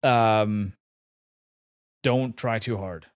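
A man's voice: fairly low pitch, fairly even intonation, very slow, smooth, no room sound, clean studio sound. A man in his forties, a podcast guest telling a story in a candid, self-mocking way, swearing casually and restarting his sentences. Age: 40s. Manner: candid, swears freely, laughs at himself, many fillers and restarts. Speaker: interview guest.

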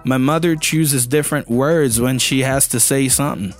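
A man in his thirties from Brazil with a Brazilian Portuguese accent, a native Portuguese speaker giving a casual, animated English pronunciation lesson and often asking the listener questions. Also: medium pitch, normal speed, soft background music. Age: 30s. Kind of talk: casual spoken lesson to camera.

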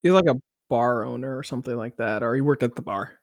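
A man co-hosting a podcast, casually recapping a TV episode with animated storytelling and loud excited outbursts. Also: mid-range voice, fast talker, no room sound, clean studio sound. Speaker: podcast co-host.

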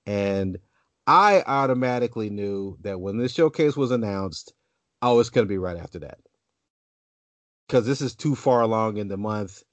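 Low-voiced man rambling through a story. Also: animated, moderate pace, no room sound. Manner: rambling storyteller with many restarts. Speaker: podcast co-host. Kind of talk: casual podcast chat. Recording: dull lo-fi dry sound.

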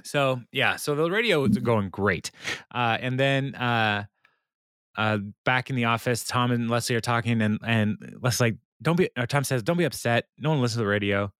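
A podcast co-host rambles through an episode recap, laughing often and leaning on plenty of fillers. His mid-range voice moves at a moderate pace and sounds clear, resonant, and a bit bright. The studio recording is clean, with no echo.

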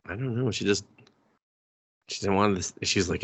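A man co-hosting a casual podcast, riffing crudely with lots of swearing and quick put-on quotes. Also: fairly low pitch, noisy background. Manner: crude, profane, mocks scenes with put-on quotes. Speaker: podcast co-host.

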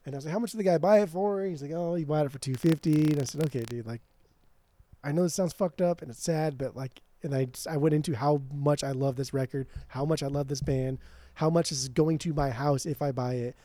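A man with a mellow, slightly higher-than-usual voice tells a story in a casual, animated way and swears freely. He sounds like a podcast co-host chatting with a friend. The recording is dry and close. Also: brisk, dry recording. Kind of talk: casual chat.

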